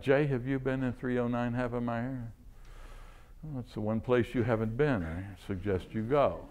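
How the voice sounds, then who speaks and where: A man's voice: lowish voice, a little mellow. An older man, a chemistry professor, tells enthusiastic stories during a seminar and chuckles often. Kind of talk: anecdotal lecture.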